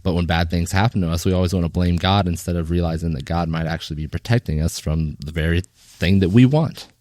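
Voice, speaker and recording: A man co-hosting a faith podcast, talking casually and retelling Bible stories with lively quoted voices. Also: sits low, quick pace, no echo. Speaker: podcast co-host.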